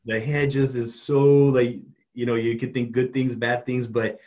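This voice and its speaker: Earnest man coaching, halting speech. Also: medium pitch, level tone, a little mellow. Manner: earnest, halting, many restarts. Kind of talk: casual conversation.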